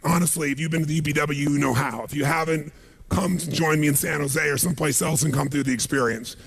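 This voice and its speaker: A man addresses a live audience in a motivational seminar, emphatic and driving, pausing to throw questions at the crowd. His voice sits high for a man, and a gravelly fry runs through it. The tone is husky and raspy rather than clean. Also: steady tone, a bit bright. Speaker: motivational speaker.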